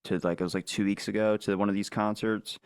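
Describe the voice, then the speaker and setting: Fast-talking man in casual podcast chat. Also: lowish voice, little pitch movement, smooth, no echo, clean studio sound. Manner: rambling, quick storytelling with fillers and swearing. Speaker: podcast guest.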